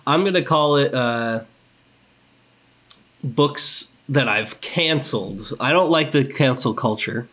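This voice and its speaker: A man's voice: medium pitch, takes it slowly, fairly bright tone. A young man with a congested voice hosting a casual podcast, rambling and upbeat with plenty of fillers. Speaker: podcast host.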